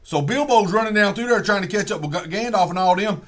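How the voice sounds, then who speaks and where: A man's voice: high voice, animated, fast talker. A man telling a rambling, profane, folksy comic story with many digressions. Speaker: comedian.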